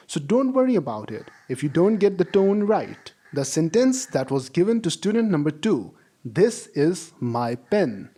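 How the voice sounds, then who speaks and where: A man teaching a language lesson, saying model sentences slowly for students to repeat and praising them. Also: high-pitched, warm tone. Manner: slow, drawn-out model sentences for repetition; encouraging, praises imagined students. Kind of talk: classroom-style language lesson.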